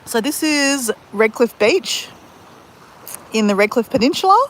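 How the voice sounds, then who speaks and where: An Australian woman talks into her phone on an open beach, greeting live viewers by name and laughing along with them. Her voice sits a little high and swoops around with lots of bounce. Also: lively intonation, a little slow, slight background noise. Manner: chatty, addresses viewers by name, laughs often. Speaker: live-stream host. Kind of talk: casual live-stream chat with viewers. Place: outdoors at a beach at sunrise. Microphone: handheld phone.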